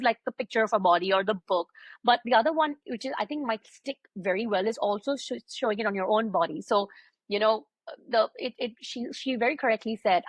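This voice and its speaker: Woman in her 30s from India, podcast co-host, casual, quick and lively, slightly high voice, dry close sound. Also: no room sound. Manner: quick, animated storytelling. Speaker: podcast co-host, pediatric sleep consultant.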